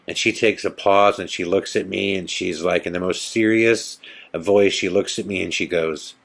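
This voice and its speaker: A middle-aged man with a somewhat low voice hosts a podcast and tells a story in a loose, conversational way. He brings it to life by voicing each person's quoted lines as he goes. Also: moderate pace, creaky. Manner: animated retelling, acting out others' quotes. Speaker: podcast host. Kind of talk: casual storytelling.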